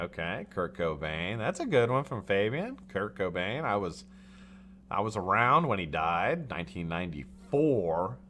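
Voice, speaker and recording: Lively joking man, bright voice. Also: lowish voice, a little hiss or hum. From United States. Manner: animated, joking, reads chat names aloud, swears. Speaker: livestream host. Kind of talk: casual live-stream chat.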